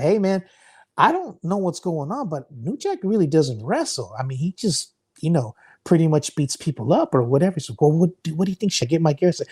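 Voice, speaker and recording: A man's voice: fairly high pitch, husky. Laughing man telling a wrestling story. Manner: animated storyteller, laughs often, restarts words. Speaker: wrestler guest. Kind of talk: storytelling interview.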